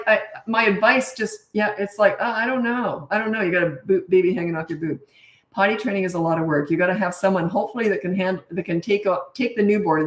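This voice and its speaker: A woman's voice: on the low side, far from the mic. A middle-aged woman, a parenting coach, answering viewer questions in a live Q&A. She talks bluntly and frankly, chatty, with frequent restarts. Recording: echoey room, voice off-mic.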